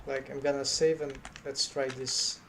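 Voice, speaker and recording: A man's voice: medium pitch, flat delivery, unhurried, gravelly, soft background music. A man streaming his 3D modeling work, thinking aloud in hesitant, half-finished remarks.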